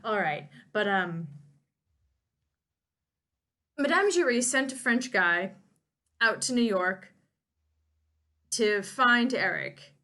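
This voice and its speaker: A woman's voice: medium pitch, expressive, slow pace, long pauses, pushed and bright. A woman co-hosting a podcast, casually recapping a novel in a rambling, wry way with many restarts. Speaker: co-host summarizing a novel.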